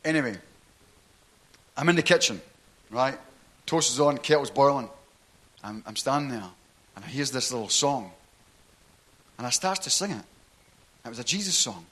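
A man's voice: mid-range voice, lively intonation, normal speed, pauses often, fairly bright tone, breathy edge. A middle-aged man, telling his conversion story in a sermon and often checking in with "right?". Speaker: preacher giving testimony. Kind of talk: sermon testimony.

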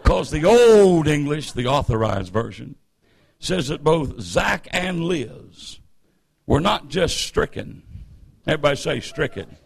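A preacher who tells his story with lively, swooping pitch and a rough, gravelly edge. He jokes, teases, and calls out for the congregation to answer back. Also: a little slow. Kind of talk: sermon storytelling.

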